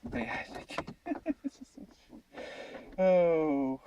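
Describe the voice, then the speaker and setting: A man on a casual film review panel who jokes around and keeps restarting his sentences. His pitch swings wildly as he talks, a little higher than most men, and he sounds set back from the microphone. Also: sing-song, distant mic, muffled recording, noisy background. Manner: jokey, halting restarts, acts out quotes.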